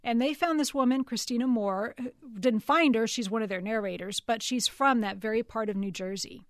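A woman's voice: fairly high pitch, a little fast, no room sound, clean studio sound. A woman novelist from Texas chatting animatedly in an interview, laughing easily and restarting her sentences. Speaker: novelist guest. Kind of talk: casual interview chat.

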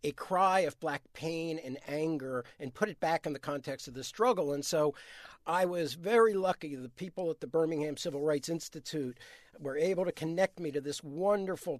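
A man's voice: on the high side, no room sound, clean studio sound. A man, an author answering interview questions, telling history earnestly with frequent restarts.

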